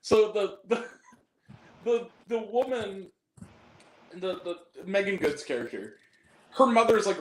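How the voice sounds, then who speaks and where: A man giving a casual film review, animated, laughing often and acting out scenes in lively quoted voices. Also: fairly high pitch. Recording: echoey room with faint noise.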